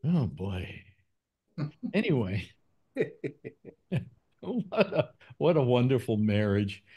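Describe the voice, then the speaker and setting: Brief: older male host, loose rambling delivery, animated pitch. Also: slow pace, husky, lo-fi sound. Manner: rambling, with many fillers and restarts. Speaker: call-in show host. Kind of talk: casual panel chat.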